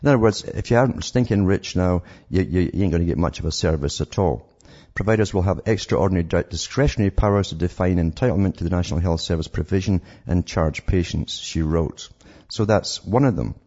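A very deep, gravelly male radio host rants in an indignant, rambling way, stumbling over repeated words. His husky, mellow voice comes through a dull, lo-fi radio recording. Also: a little fast. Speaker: radio talk show host. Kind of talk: call-in radio commentary.

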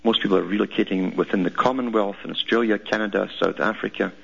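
Deep gravelly man on lo-fi radio. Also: steady tone, quick pace, fairly bright tone. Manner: sardonic, repeats words and restarts often. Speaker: talk radio host. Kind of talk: rambling radio monologue reading news clippings. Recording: dull lo-fi radio broadcast.

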